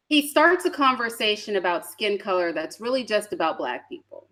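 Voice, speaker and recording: A woman's voice: fairly high pitch, measured pace, bright, forceful tone. A woman giving casual reaction commentary on a video, blunt and sassy, swearing and laughing as she talks.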